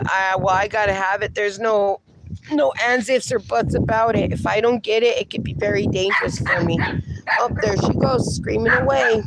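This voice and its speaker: A man's voice: high voice, creaky, very noisy. A middle-aged man livestreaming from his backyard at night, chatting affectionately and reading viewer comments aloud, with dogs around.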